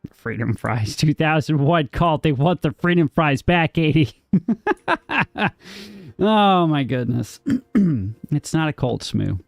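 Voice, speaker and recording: A man's voice: on the high side, lively intonation, slow pace, gravelly, dry recording, clean studio sound. A man streaming a game live, joking playfully with his chat, answering viewers by name and laughing often.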